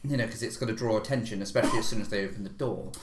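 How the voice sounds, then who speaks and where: A man's voice: lowish voice, racing, a crowd in the background. Rambling man at a game table. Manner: rambling, lots of "you know". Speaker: player. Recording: echoey room.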